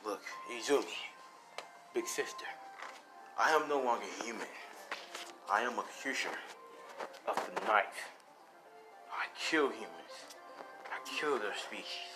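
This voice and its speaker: A man voicing a brooding, guarded wendigo teenage boy in a low, quiet mumble. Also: animated, unhurried, pauses often, music in the background, rough recording.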